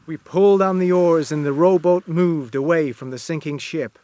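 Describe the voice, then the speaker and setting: A man reading a story aloud as narrator, slow and deliberate with expressive delivery. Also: on the high side, dry recording.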